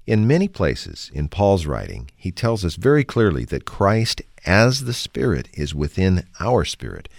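A man hosting a radio Bible discussion who asks his co-host questions in a measured, inquiring way. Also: low voice, wildly swooping pitch, no echo, studio quality. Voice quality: gravelly.

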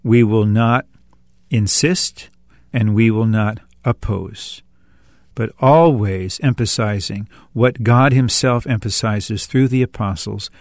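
A man hosting a broadcast, reading his script in a measured, earnest way. His voice sits a little low, and the sound is close and dry, with no room around it. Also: a little mellow, no echo.

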